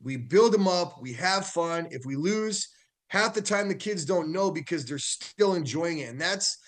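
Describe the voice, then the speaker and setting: An upbeat american man talking football on a radio show, his voice sitting a bit high. he laughs easily and often restarts his sentences as he goes. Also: lively intonation, moderate pace. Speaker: high school football coach, weekly guest. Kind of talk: casual radio show chat.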